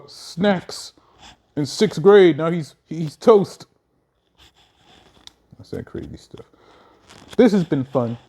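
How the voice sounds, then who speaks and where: A young man doing casual comedic commentary, animated and quick to slip into acted voices and asides. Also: on the high side. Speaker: comedian vlogger.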